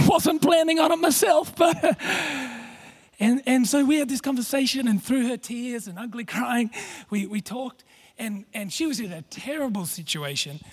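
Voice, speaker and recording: A man's voice: very high-pitched, lively intonation, a little slow, a little mellow, breathy edge. A man preaching a sermon, telling a story with self-deprecating humour and frequent restarts. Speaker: pastor.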